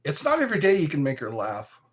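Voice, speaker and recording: A man's voice: a little high, huge pitch swings, fast. A man hosting his own show, telling crude jokes in a casual monologue and laughing along at them. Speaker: host.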